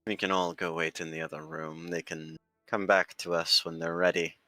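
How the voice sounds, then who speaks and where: A man plays a courteous male scholar in a tabletop game, formal and curious. The voice is very deep, with a bright, forceful edge. It sounds dry and close. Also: level tone, normal speed, no echo, faint music behind.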